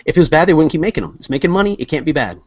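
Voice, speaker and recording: A man's voice: on the high side, big pitch swings, racing, husky, no echo. A man co-hosting a casual podcast, joking and teasing his friends, rambling with lots of fillers. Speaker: podcast co-host. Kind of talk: casual banter among friends. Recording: dull lo-fi sound, dry.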